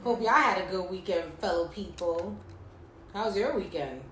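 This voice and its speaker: A woman's voice: fairly low pitch, normal speed. A woman co-hosting a podcast, teasing her partner with short, dry quips. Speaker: podcast co-host. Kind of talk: casual chat. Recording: roomy echo with faint noise.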